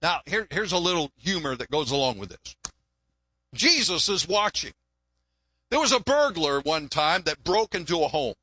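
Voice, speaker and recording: A man's voice: on the high side, very animated, normal speed, pushed and bright, husky, no room sound. An older man, a longtime pastor, preaching a folksy, joking sermon and often repeating words.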